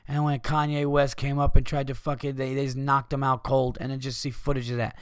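A man's voice: mid-range voice, steady tone, a little fast, few pauses, a bit bright, clean tone, dry recording, clean studio sound. A man hosting his own podcast, ranting with heavy profanity and reading listener messages aloud. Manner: profane, rambling, fired-up ranting. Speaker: podcast host. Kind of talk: solo podcast rant, reading listener letters.

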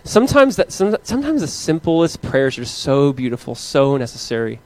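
A man in his thirties preaching a casual, story-driven sermon as pastor, animated and playful as he recounts family moments. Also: moderate pace, no room sound. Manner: animated storytelling, acting out his kids in high voices. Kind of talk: conversational sermon.

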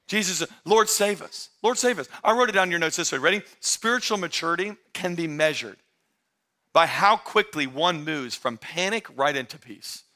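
Pastor guy preaching, high bright voice, chatty with the crowd then getting loud and fired up. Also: normal speed. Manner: emphatic, rising to shouts of excitement; conversational, addresses the congregation directly. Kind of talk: sermon.

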